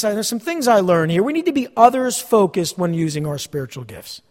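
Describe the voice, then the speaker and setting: High-voiced male pastor in a reverberant hall. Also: darkish tone. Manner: earnest, repeats words, chuckles often. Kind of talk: conversational sermon. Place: church sanctuary.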